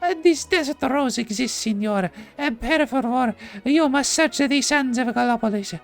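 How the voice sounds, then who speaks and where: A man doing a grieving Italian widow in falsetto. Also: moderate pace, creaky, faint music behind. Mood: pleading. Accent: put-on Italian. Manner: falsetto, broken English with Italian words. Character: grieving Italian woman widow, high and pleading.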